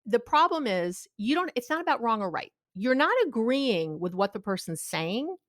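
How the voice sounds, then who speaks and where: A middle-aged woman giving advice as a guest expert, her voice riding high and swinging widely as she talks. She breaks into quick impressions of the people she describes. The recording sounds close and dry. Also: very animated, no echo. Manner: acts out quoted people with big pitch jumps. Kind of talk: animated advice-giving interview talk.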